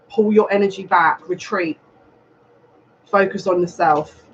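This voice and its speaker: A man giving a live tarot reading, earnest and repetitive, speaking straight to the viewer. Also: high voice. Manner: earnest, repetitive, advising directly. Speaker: psychic reader. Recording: dull lo-fi sound with faint noise.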